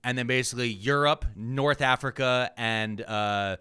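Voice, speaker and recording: A man's voice: medium pitch, unhurried, pushed and bright, clean tone. A man co-hosting a podcast, ranting with profanity in casual news commentary. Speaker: podcast co-host.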